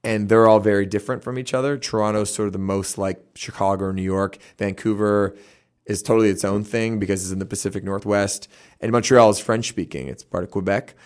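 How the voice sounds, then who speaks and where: Interview guest: Canadian man, lowish voice, talkative, animated, filler-heavy. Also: fairly quick. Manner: animated, chatty, lots of fillers, lively impressions in quotes. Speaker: interview guest, band musician. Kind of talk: casual interview answers.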